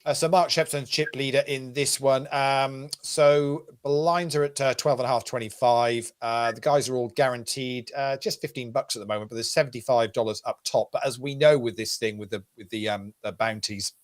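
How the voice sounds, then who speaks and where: A man's voice: medium pitch, fairly even intonation, moderate pace, few pauses. A man from the UK hosting a poker show, chatting casually and calling the action, with lots of fillers and restarts. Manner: rambling, many fillers and restarts. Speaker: host. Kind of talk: casual chat and poker commentary.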